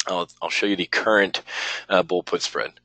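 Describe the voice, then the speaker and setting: A man's voice: low-pitched, little pitch movement, normal speed, bright, forceful tone, no echo, poor audio. A man running a live options trading webinar, talking bluntly and rambling with some profanity as he works through trades on screen.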